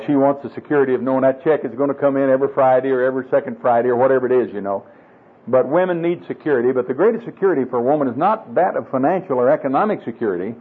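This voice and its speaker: A man's voice: medium pitch, breathy edge. An older man preaching a sermon to married men, folksy and humorous, coaxing his listeners along. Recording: tinny lo-fi phone-like sound.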